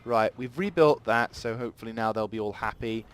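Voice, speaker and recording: A man's voice: medium pitch, a little fast, clean tone. A man giving rambling let's play commentary at a desk mic, thinking aloud as he plays. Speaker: gaming channel host.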